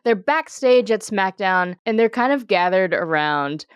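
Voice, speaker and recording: A woman co-hosting a podcast, recapping a show with deadpan quips and frequent laughter. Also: medium pitch, measured pace, clean tone, dry recording, clean studio sound. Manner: deadpan one-word quips, laughs often. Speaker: podcast co-host. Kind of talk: casual recap chat.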